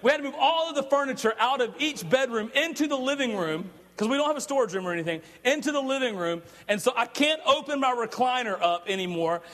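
High-voiced preacher in a hall. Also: male voice, fast talker, few pauses. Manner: animated, chatty, stumbles and repeats words. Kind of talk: storytelling sermon. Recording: long reverb of a large hall.

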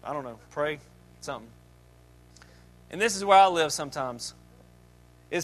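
High-voiced, bright preaching man. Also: expressive, normal speed, pauses often, faint music behind. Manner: dynamic preaching, acts out disciples' voices, jokes. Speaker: pastor. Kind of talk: sermon.

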